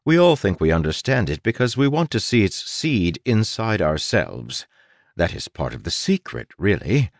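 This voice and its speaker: Guy reading an audiobook, lots of dramatic pauses, wry, swoopy lively delivery. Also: on the low side, no room sound, clean studio sound. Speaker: audiobook narrator. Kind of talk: scripted narration.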